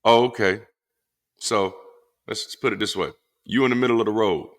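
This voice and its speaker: A former pastor in a casual monologue, speaking bluntly and profanely with animated emphasis. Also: male voice, lowish voice, moderate pace. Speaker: former pastor turned atheist commentator.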